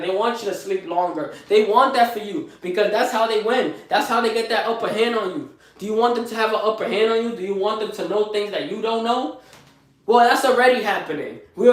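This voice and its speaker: A man giving a loud, preachy motivational pep talk in his small home gym, repeating his lines and calling to his viewers. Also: sits high. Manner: loud and preachy, repeats phrases, says y'all a lot. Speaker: motivational live streamer. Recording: very echoey room, mic far off.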